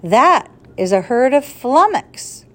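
A woman reading aloud and voicing an excited elderly male professor on an expedition, with an eager, knowing storybook manner. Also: high voice, slow, exaggerated voice.

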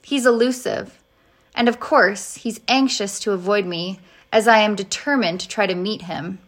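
A woman voicing a wise, patient older male professor who speaks slowly and distinctly in a storybook reading. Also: medium pitch, fairly bright tone, close to an everyday voice. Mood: earnest. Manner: slow, distinct and earnest.

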